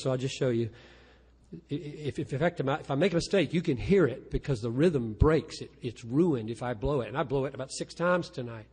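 A man's voice: medium pitch, darkish tone, breathy edge. An older man, a pastor, giving a candid, self-deprecating talk on writing poetry, often restarting and repeating words, and reading his own verse aloud. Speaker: pastor and poet speaking at a lecture. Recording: long reverb of a large hall.

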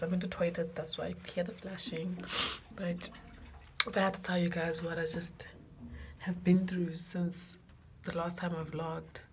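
Slow-talking young South African woman vlogger. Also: on the low side. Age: young adult. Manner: chatty, confiding, swings between giddy and tearful. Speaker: vlogger, student. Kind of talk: candid phone vlog. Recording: phone vlog with background noise.

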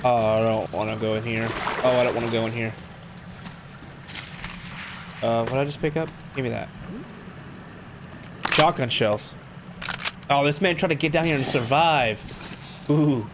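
A young man giving excitable let's play commentary on a game, jumpy and shouting when startled. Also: mid-range voice, moderate pace, long pauses, noisy background. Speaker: gaming video host. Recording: loud game sound under voice.

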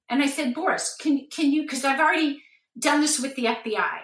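A woman being interviewed, telling a lively story and acting out the voices of people she quotes. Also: sits high, normal speed. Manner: animated, acts out quoted voices. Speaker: guest. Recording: roomy and distant from the mic.

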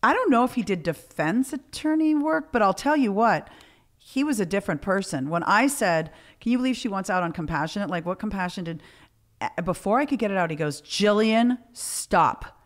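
A woman's voice: mid-range voice, expressive, fairly quick. A middle-aged woman hosting a podcast, telling a story in a casual, profane way and acting out the dialogue. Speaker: podcast host.

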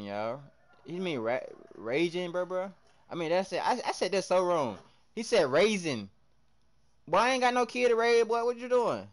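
A young man streaming live, excitably commenting on his game, shouting at teammates and chatting with viewers in heavy slang. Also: high-pitched. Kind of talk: live gameplay commentary and chat reading.

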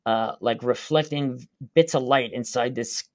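A man's voice: mid-range voice, a little slow. A man, a guest on a talk show, earnestly recounting a personal experience in casual, vivid detail. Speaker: guest recounting a UFO sighting. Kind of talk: casual first-person storytelling.

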